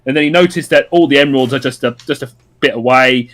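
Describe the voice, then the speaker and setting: A man's voice: medium pitch, quick pace, fairly bright tone. Rambling man recapping a plot. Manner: rambling, many ums and restarts. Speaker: podcast co-host.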